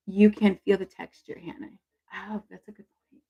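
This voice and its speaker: Gravelly-voiced woman chatting on a livestream. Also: mid-range voice, level tone, moderate pace. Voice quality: gravelly, husky. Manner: warm, chatty, affectionate with viewers. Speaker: intuitive reader and livestream host. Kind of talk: casual livestream chat.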